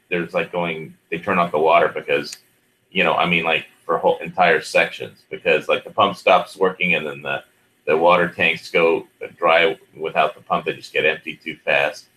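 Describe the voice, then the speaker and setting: Deep-voiced rambling man. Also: steady tone, normal speed, pushed and bright, poor audio. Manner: rambling, full of fillers like "you know". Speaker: panelist. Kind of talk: casual online panel chat.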